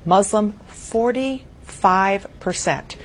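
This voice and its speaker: A woman's voice: medium pitch, drawn-out words, slight background noise. A woman anchoring a cable television news discussion, earnestly reading out poll figures.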